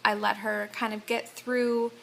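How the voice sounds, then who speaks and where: A young woman vlogging at home about her toddler, rambling gently with many ums and restarts. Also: medium pitch, a little slow, vocal fry, a little hiss or hum, low-quality recording. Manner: gentle, calm, reassuring. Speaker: parent vlogger. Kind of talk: casual talk to camera.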